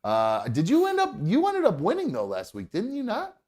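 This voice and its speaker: A man's voice: sits high, wildly swooping pitch, moderate pace, a little mellow, breathy edge. Profane, joking male podcast host. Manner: loose, profane, joking, many fillers. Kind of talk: casual live show chat.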